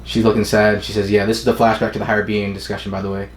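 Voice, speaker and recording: A young man with a fairly low, level voice reacts live to a comic chapter in a reverberant space. He's a casual manga reaction streamer who swears now and then, forgets characters' names, and reads the panels aloud in quick put-on voices.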